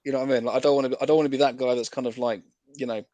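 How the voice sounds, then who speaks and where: A man's voice: medium pitch, steady tone, rapid-fire, warm tone, dry recording. A man with an English accent, a salesman talking in a friendly, persuasive way with many fillers over a video call. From England. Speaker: sales rep on a practice cold call. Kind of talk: casual sales chat.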